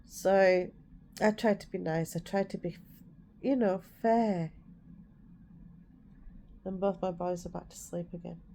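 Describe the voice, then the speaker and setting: A woman's voice: fairly low pitch, takes it slowly, vocal fry, long pauses, warm tone, a little hiss or hum. A woman talking frankly and from the heart in a personal vlog, retelling what happened to her and what she said at the time. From Yorkshire, England. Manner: frank and heartfelt, retelling her own past words with heat. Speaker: vlogger. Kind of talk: candid personal storytelling vlog.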